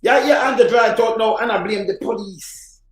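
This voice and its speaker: A man with a Jamaican accent giving heated political commentary on a live stream, often raising his voice to a shout and mixing patois with English. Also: high-pitched, normal speed, reverberant, soft background music, rough recording. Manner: fired-up, sometimes shouting, mixes patois and English.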